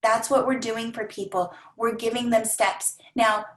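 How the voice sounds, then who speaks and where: A woman coaches her team with energy, repeating key words and slipping into her clients' voices. Her voice sits a little high, and the room around her rings with echo. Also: fairly even intonation, unhurried.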